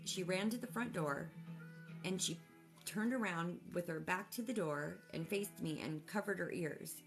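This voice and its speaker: A woman with a low, gravelly voice tells a personal story about her child. She rambles emotionally and restarts often. Faint music plays underneath. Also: measured pace. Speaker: mother.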